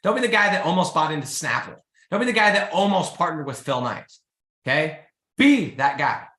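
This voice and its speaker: A man's voice: a little high, a little fast, reverberant. A man hosting a live business show, talking casually and urging listeners to get started, often calling out "guys". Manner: energetic, pleading, says "guys" and "freaking" often. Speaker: host. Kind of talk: motivational live-stream talk.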